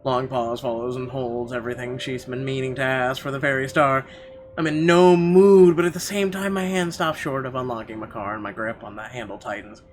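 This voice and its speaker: A man's voice: medium pitch, background noise. Man reading visual novel narration aloud. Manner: expressive reading, bursts into profane yelling rants. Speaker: let's player.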